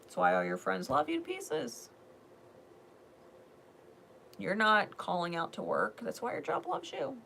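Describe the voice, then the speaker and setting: A woman giving a spiritual card reading in a blunt, profane manner, swinging between loud emphasis and hushed asides. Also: medium pitch, very animated, a little slow, gravelly, long pauses, slight background noise. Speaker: tarot reader.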